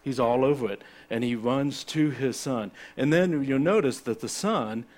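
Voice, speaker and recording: A man's voice: medium pitch, normal speed, a little mellow. A middle-aged man preaching a sermon in a conversational way, with personal asides and frequent restarts. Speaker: pastor.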